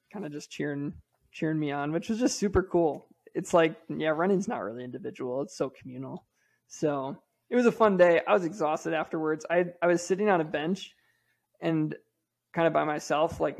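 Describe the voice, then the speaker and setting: Man, 30s, slightly high voice, gravelly, casual storytelling, self-deprecating. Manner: candid, self-deprecating, lots of fillers. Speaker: podcast regular telling a race story.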